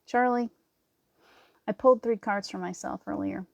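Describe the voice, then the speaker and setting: A middle-aged woman hosting a livestream spiritual talk, earnest and quick to laugh, often restarting her sentences. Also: medium pitch, steady tone, vocal fry, darkish tone, dry recording. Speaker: spiritual host.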